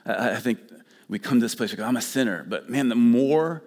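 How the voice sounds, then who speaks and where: A man preaching in a relaxed, conversational way, circling back and repeating words as he works through his point. His voice sits in a middling register and rings out with a long reverb, as if he were in a large sanctuary. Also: medium pitch, a little fast. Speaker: pastor. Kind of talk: sermon.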